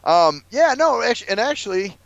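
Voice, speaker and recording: A man's voice: extremely high pitch, sing-song, moderate pace, vocal fry, no room sound, highs cut off. A man telling a story in casual, profane podcast chat with a co-host.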